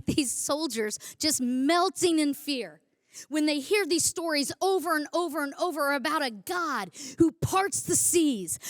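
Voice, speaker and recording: A woman's voice: high-pitched, dry recording, clean studio sound. A woman preaching a sermon, emphatic and fond of repeating phrases for effect.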